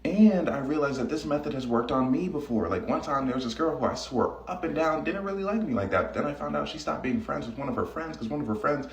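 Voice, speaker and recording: Fast-talking blunt young man. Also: on the high side, expressive, echoey room. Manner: blunt, slangy, matter-of-fact. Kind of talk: casual monologue on dating tactics.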